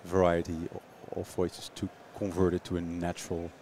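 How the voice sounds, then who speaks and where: A man, a startup founder, answering interview questions in English with hesitant pauses and repeated words. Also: low voice, monotone, dark tone, a little hiss or hum. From Netherlands.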